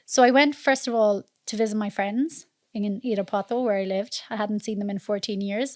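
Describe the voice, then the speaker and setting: An Irish woman from Mayo, a podcast guest telling travel stories in a lively, chatty way, often laughing. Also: medium pitch, brisk, hardly any pauses, no echo, clean studio sound. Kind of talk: casual storytelling chat.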